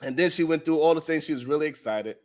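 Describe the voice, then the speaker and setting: A man's voice: on the high side, fast. A man hosting a live talk show, recapping the week's stories with jokes, frequent laughter and mocking quoted voices. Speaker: show host. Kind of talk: comedic recap of the week's shows.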